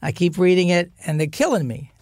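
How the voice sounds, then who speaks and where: An older man, an actor guest in a podcast studio, telling lively anecdotes in casual chat and acting out the voices of the people he quotes. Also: high voice, brisk, slight background noise.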